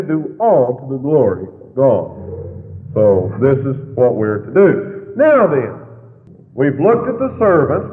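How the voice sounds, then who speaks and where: Fiery preacher man, tinny and echoey. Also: a little hiss or hum. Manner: preaching with sudden loud, high swings. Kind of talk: fiery sermon. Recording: tinny, lo-fi recording in a long-echo hall.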